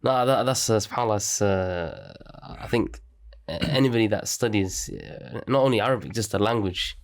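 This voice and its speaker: Low-voiced man, reflective podcast host. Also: moderate pace. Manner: brief affirming interjections. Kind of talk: casual chat.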